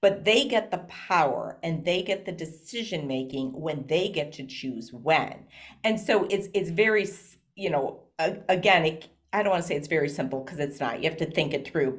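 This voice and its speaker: A woman with a fairly low voice that rises and falls a great deal. She talks casually as an interview guest, animated and full of fillers. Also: normal speed. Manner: animated, laughing often, frequent "you know". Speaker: guest, speaker and parent.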